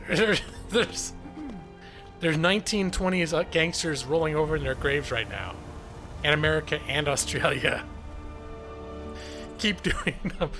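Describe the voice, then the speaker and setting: Chatty man streaming a game, slightly high voice. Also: takes it slowly, long pauses, over music. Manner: chatty, joking, self-deprecating. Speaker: gaming streamer. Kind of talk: live gameplay commentary.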